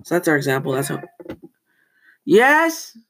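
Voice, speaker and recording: Give me a teenage student rambling through a casual school podcast, with a creaky voice and mid-range pitch. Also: unhurried, low-quality recording. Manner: rambling, often corrects itself, tells corny jokes.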